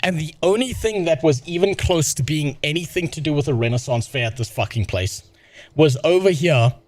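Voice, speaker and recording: A man's voice: a little high, normal speed, a little mellow, no room sound. A man in his thirties with a South African accent, telling an exasperated, profane story to his stream chat. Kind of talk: casual ranting to stream chat.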